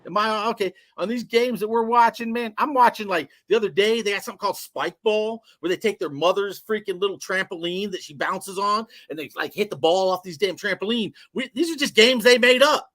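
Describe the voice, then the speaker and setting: High-voiced comic man ranting, dry sound. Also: a little fast, a bit bright, dry recording. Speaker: comedian. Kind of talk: stand-up on a video call. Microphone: video call.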